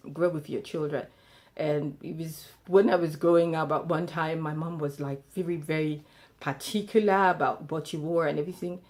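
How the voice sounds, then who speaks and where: Lowish woman telling stories. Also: normal speed. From Nigeria. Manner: animated storytelling, acts out family quotes. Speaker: speaker sharing life lessons. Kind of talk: storytelling talk.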